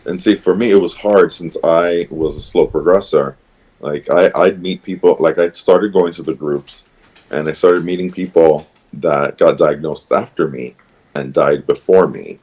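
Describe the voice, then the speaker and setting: A man on a podcast telling a personal story in a hesitant, halting way, full of pauses and restarts. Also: low-pitched, a little mellow, husky, rough recording. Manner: hesitant, many ums and restarts, emotional retelling. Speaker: podcast guest.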